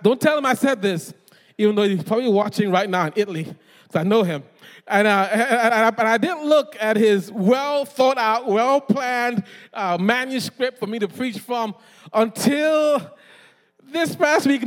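Man, guest preacher, high voice, animated, joking, call-and-response, long hall reverb. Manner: animated, calls for audience response, self-deprecating jokes. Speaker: guest pastor. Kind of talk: energetic sermon. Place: church hall.

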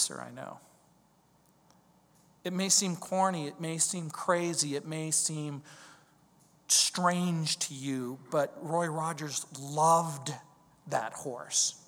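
High-voiced pastor preaching in a reverberant hall. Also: male voice, a bit bright. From Southern California. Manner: storytelling, emphatic with slow drawn-out stresses. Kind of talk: verse-by-verse sermon. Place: church sanctuary. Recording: long reverb of a large hall.

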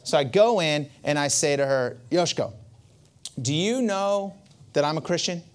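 A man's voice: a little high, lively intonation, moderate pace. A man preaching a sermon, telling a personal story in a conversational way with asides to the listeners. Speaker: pastor.

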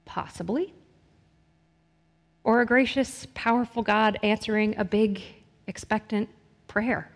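Woman pastor preaching earnestly, mid-pitched, recorded with long reverb in a large hall. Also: steady tone, a little slow, long pauses. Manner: earnest, builds intensity with repeated phrases. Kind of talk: sermon.

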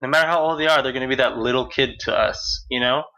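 A man's voice: medium pitch, fast, pushed and bright, low-quality recording. A middle-aged man hosting a casual chat about parenting, rambling with many fillers and restarts. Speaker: podcast host.

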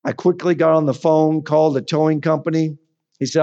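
A male pastor preaching and telling stories with sudden loud bursts and quiet drops. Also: fairly high pitch, steady tone, brisk. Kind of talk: sermon. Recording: dull lo-fi recording.

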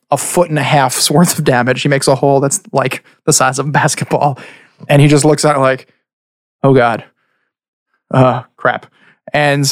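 A man's voice: fairly high pitch, no echo, studio quality. A man narrating as game master of a tabletop game, chatty and loose, often restarting his sentences.

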